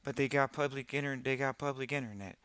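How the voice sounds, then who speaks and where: Man, podcast host, bright crisp voice, dry close mic, animated casual talk. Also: medium pitch, quick pace, dry recording. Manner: animated, mocking put-on quotes, repeats phrases for emphasis. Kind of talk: casual live-stream talk.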